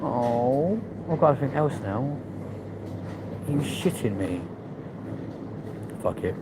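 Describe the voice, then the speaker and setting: Heavy background noise surrounds this young man as he vlogs casually on a handheld phone, first driving, then walking a large indoor supermarket. He speaks slowly in a medium pitch with lively intonation, blunt and sweary, muttering asides as he goes.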